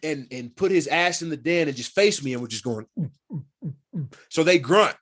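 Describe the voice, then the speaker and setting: A man telling hunting and fishing stories as a podcast guest in casual, animated talk, swearing freely and acting out what people said. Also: a little high, a little fast. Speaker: podcast guest, former pro football player. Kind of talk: casual storytelling.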